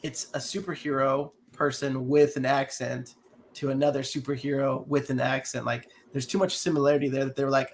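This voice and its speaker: Gravelly man rambling in casual chat. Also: mid-range voice, little pitch movement, fairly quick, slight background noise. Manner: rambling, hesitant restarts. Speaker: podcast co-host.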